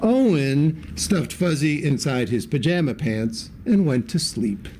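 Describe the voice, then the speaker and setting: A man reading a children's picture book aloud in a lively way, giving the characters little voices. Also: a little high, unhurried, a little hiss or hum. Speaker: story reader.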